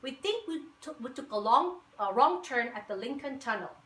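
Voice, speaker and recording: A woman voicing a pair of bumbling, lost male moles with a high, bouncy manner. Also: expressive, moderate pace, a bit bright. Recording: echoey room.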